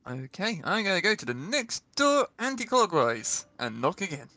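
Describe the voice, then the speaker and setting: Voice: mid-range voice, very animated, moderate pace, bright, forceful tone. A player in a tabletop game, playful and giggly, stumbling over words now and then. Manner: playful, giggly, stammers a bit. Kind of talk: casual tabletop play.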